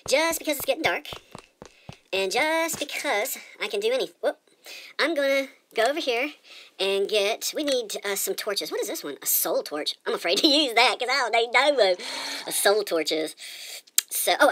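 A woman's voice: medium pitch, animated, a little fast, fairly bright tone, a little hiss or hum. A woman giving casual let's-play commentary as she plays, chatty and rambling, often repeating her words. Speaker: gamer.

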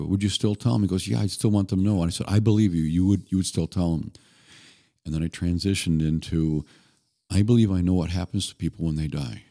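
A man guest on a podcast, telling stories in an earnest, relaxed way with occasional restarts. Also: low voice, fast talker, husky. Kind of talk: conversational storytelling.

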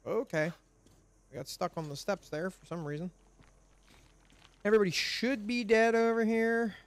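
A man's voice: high-pitched, steady tone, normal speed. A man hosting a let's play, commenting on his game in a frustrated, profane, ranting way. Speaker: gaming channel host.

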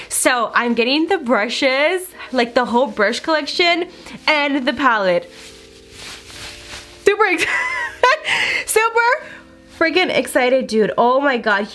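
Chatty young woman vlogger, higher voice. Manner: animated, lots of "like" and "girl", acts out quotes. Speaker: beauty vlogger. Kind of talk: chatty get-ready-with-me storytelling.

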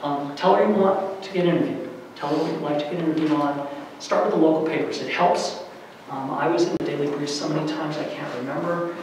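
A middle-aged man giving a lively workshop lecture to faculty, varying his loudness for emphasis, with many fillers. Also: fairly high pitch, a little fast, slight background noise. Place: large lecture room. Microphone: distant room mic. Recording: very echoey hall from far off.

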